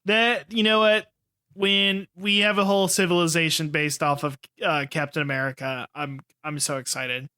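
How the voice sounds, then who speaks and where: A man co-hosting a comedy podcast, chiming in with quick agreement and wry jokes. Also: a little high, little pitch movement, bright, forceful tone, clear, resonant tone. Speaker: podcast co-host. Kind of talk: casual comedic chat.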